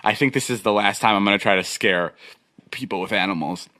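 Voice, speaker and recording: Rambling young man, low dry voice. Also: fairly quick, dry recording. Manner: rambling, filler-heavy, animated retelling. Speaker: podcast co-host. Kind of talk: casual storytelling chat.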